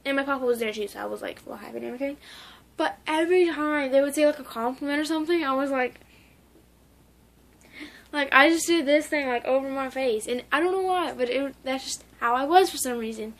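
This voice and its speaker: A woman's voice: high-pitched, a little fast. A woman talking casually in a memorial vlog, rambling with lots of "like" and restarts. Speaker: vlogger.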